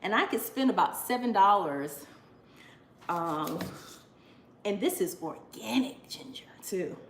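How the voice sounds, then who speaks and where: A woman's voice: medium pitch, lively intonation, slow pace, slight background noise. A woman in her forties talking casually to camera, effusive and chatty, often exclaiming with emotion. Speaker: vlogger. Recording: echoey room with faint ambience.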